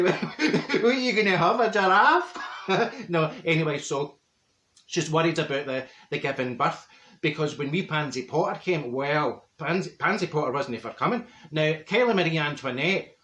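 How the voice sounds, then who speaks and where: A man's voice: a little high, a bit bright, reverberant. A man playing a chatty, straight-talking middle-aged Glasgow woman with a Glaswegian accent, rambling through gossip and mixing up big words in a comic monologue. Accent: Glaswegian Scottish. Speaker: comedy character monologue. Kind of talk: comic storytelling to camera.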